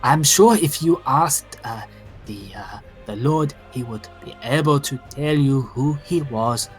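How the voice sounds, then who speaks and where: A man's voice: medium pitch, measured pace, faint music behind, lightly acted. A man voicing a nervous, frantic male tavern keeper who stammers and hesitates.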